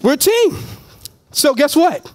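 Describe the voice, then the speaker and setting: High pitched guy hyping up a crowd at a business meeting, swoopy animated voice, laughing a lot. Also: unhurried, background noise. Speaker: motivational speaker at a business opportunity meeting. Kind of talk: energetic live sales pitch. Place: meeting room with a live audience.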